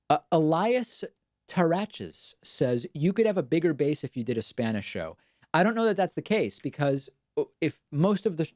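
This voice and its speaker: A man hosting a live online show, giving casual political commentary and reading out viewer messages with quick, wry, self-deprecating asides. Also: mid-range voice, darkish tone, no echo, clean studio sound. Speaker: show host.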